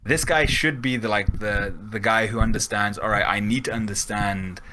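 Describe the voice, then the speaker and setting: Lively man on a podcast. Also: fairly low pitch, moderate pace, slight background noise, poor audio. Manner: animated, acts out characters in quotes. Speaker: podcast host. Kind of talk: casual chat.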